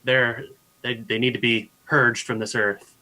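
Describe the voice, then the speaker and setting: A man voicing a winded adventurer who earnestly urges a companion to prove himself, in a flat, bright voice. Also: mid-range voice, a little slow, low-quality recording. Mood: urgent. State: winded, breathing heavily.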